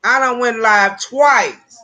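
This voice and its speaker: A woman hosting a casual live stream from her porch, talking in an animated, exasperated, rambling way with lots of swearing. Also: fairly high pitch, slow, dull audio. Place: outdoors on a porch.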